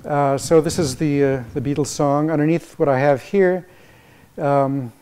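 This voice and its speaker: Halting, explanatory male music professor. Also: on the high side, steady tone, warm tone, clean tone. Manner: thinking aloud, explanatory, halting restarts. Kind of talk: academic lecture. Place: lecture hall.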